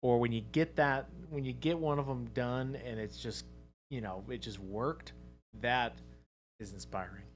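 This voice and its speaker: A man's voice: mid-range voice, a little slow, slight background noise. A man co-hosting a miniature painting livestream in casual, teasing chat. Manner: playful, giggly, teasing. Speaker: livestream co-host.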